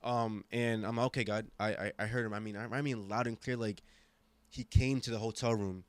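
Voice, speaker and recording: Guest, young man from Germany, lowish voice, animated and emphatic, dry close mic. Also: a little fast, smooth, no echo. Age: 20s. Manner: animated, emphatic, acts out quoted voices, frequent restarts. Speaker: podcast guest. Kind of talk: casual storytelling conversation.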